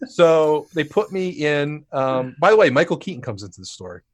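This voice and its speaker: A man with a fairly high voice tells a comic story on a podcast, his pitch swinging widely as he acts out every line. He swears freely and jumps into loud quoted voices. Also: big pitch swings, normal speed. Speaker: podcast co-host. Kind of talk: casual comedic storytelling.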